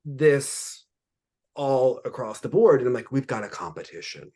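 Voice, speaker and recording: Animated gossipy man chatting about skating. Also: medium pitch, normal speed, breathy edge. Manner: gossipy, animated, sassy asides. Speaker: podcast co-host. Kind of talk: casual chat.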